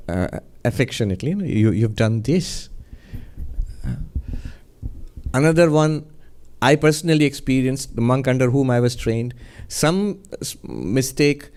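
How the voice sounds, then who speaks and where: A monk gives a spiritual talk, telling stories in a gentle, reflective way and chuckling often. His voice is a little high.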